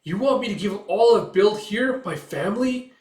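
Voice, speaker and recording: A man doing a distraught witch woman, pushed high above his own register, pleading in a strained, raised voice. The reading is caught in an echoey room. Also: animated, moderate pace, recorded from a distance, close to an everyday voice. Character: anguished female witch hero, clinging to an illusion family.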